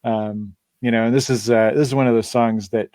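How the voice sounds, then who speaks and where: A man's voice: mid-range voice, steady tone, fairly quick, warm tone, no room sound, clean studio sound. A man, a band leader and guitarist, chatting casually on a live stream, rambling with many fillers and frequent laughs.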